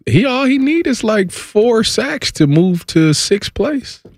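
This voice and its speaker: A man's voice: sits high, big pitch swings, takes it slowly, no echo, clean studio sound. A man co-hosting a sports radio show, former player, talking casually and telling stories with a laugh. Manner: laid-back, laughing storyteller. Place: radio studio.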